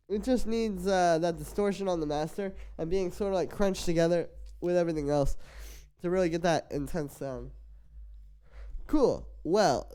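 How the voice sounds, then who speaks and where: Faint music from the tracks being played sits under this casual live stream. The young man producing music has a high, slightly mellow voice and gives loose feedback full of filler words.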